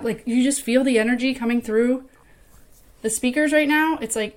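A woman with a slightly high voice gives a relaxed training lesson to mentors. She talks in an easy, chatty way and slips into little acted-out phrases to show what to say. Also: moderate pace. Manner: conversational, acts out example phrases. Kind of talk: casual instructional talk.

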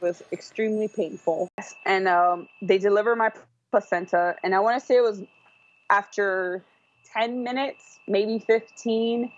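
A woman's voice: mid-range voice, fairly even intonation, measured pace. A woman telling her own story as a podcast guest, rambling with fillers and restarts. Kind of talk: casual personal storytelling. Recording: dull, dry podcast audio.

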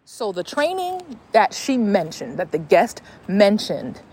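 Walking outside, a young podcast host recounts a personal story in a loose, animated way, cursing freely and frequently starting sentences over. She has a medium-pitched voice and an unhurried pace, with a little hiss or hum in the recording.

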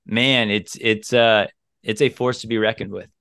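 A man's voice: fairly low pitch, steady tone, moderate pace, fairly bright tone, clean tone, dry recording, studio quality. A man co-hosting a podcast, talking earnestly in casual chat and repeating phrases for emphasis. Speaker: podcast co-host.

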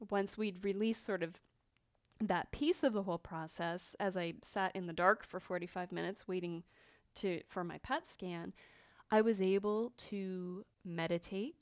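A woman's voice: medium pitch, fairly even intonation, measured pace, dry recording, clean studio sound. A woman in her fifties hosting a podcast, telling a personal story in a candid, reflective way with frequent fillers and restarts. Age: 50s. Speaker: podcast host.

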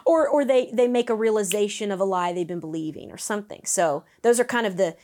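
A Nashville vocal coach with a medium-pitched voice appears as a guest in a lively, upbeat interview. She often breaks into quick vocal demonstrations.

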